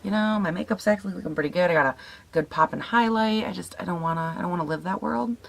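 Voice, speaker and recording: A young woman with a raspy morning voice, chatting casually as she tests makeup, swearing now and then and laughing at herself. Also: on the low side, fast talker, a little hiss or hum. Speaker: beauty vlogger. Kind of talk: casual makeup tutorial chat.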